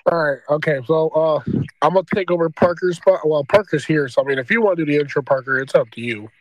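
A man's voice: on the high side, fast talker, low-quality recording. A young man hosting a podcast with friends, loose and joking, laughing often. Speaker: podcast host. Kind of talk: casual podcast chat with friends.

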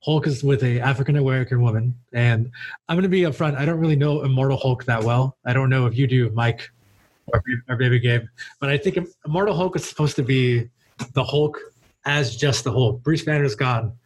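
A man's voice: medium pitch, brisk, darkish tone, slightly rough, low-quality recording. A man hosting a casual podcast discussion in an easygoing way, reading passages aloud and then giving his take. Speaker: podcast host.

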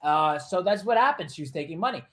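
A male host in a relaxed, rambling storytelling monologue. He drifts through the tale with fillers and restarts. He breaks it up with wisecracks to the listener. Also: a little high. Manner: chatty, loose, with joking asides and quick put-on voices. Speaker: podcast host.

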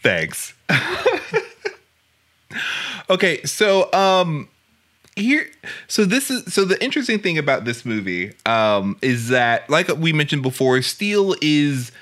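A man co-hosting a casual movie podcast, enthusiastic and quick to laugh. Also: on the high side, big pitch swings, a bit bright. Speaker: podcast co-host.

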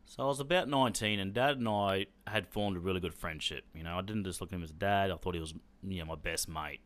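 A man's voice: sits low, fast, a bit bright. An Australian man hosting a podcast, telling a personal story in a blunt, rambling way with plenty of swearing. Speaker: podcast host.

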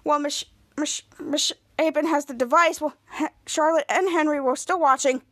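A woman's voice: high voice, steady tone, moderate pace, fairly bright tone. A woman hosting a podcast who casually recaps a TV episode, often restarting her sentences as she retells each scene. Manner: retells scenes with frequent restarts and quoted lines. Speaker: podcast host.

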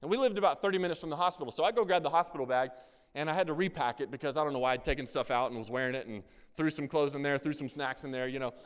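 A pastor in his thirties preaches in a casual, chatty way, cracking small jokes at his own expense. His voice sits a little high and comes through clean. The sound carries a long reverb from a large hall. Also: racing, clean tone. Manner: casual, chatty, self-deprecating. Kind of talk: sermon with storytelling.

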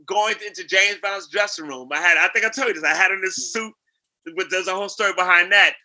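Talking fast, a New York-born singer and actor shares lively anecdotes as an interview guest, dropping into other people's voices as he goes. The delivery is animated and casual, in a very bright, forceful voice that's high for a man.

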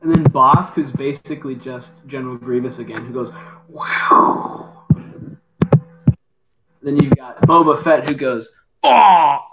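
A young man co-hosting a casual podcast, laughing often as he runs through quick grunts and death-cry impressions. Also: mid-range voice, heavy background noise. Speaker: podcast co-host. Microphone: home microphone.

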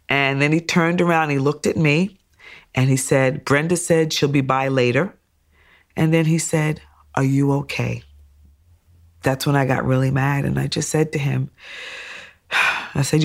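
A woman giving documentary testimony, steadily retelling events in close detail and acting out remembered thoughts and dialogue. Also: low-pitched. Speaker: survivor telling her story.

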